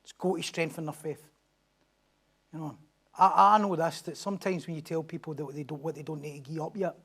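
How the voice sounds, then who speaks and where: A man preaching a sermon as pastor, animated, acting out crowd voices and swinging from loud declarations to hushed asides. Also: on the high side, fairly quick, husky. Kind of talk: expository sermon.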